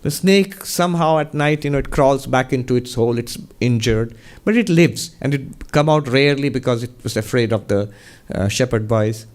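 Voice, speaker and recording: Monk giving a spiritual Q&A talk, measured, conversational storyteller. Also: male voice, medium pitch. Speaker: monk and resident minister.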